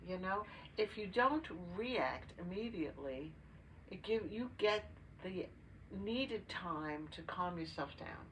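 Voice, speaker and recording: A woman's voice: on the low side, animated, a bit bright. Older lady podcast host, lots of uhs, faint hiss in the background. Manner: storytelling with many pauses and fillers. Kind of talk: casual chat. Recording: distant mic with faint noise.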